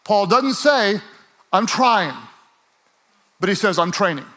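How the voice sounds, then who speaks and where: High-voiced man preaching with rising energy. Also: takes it slowly. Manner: energetic, builds to shouting; playful, acts out quoted voices. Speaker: pastor. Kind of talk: sermon.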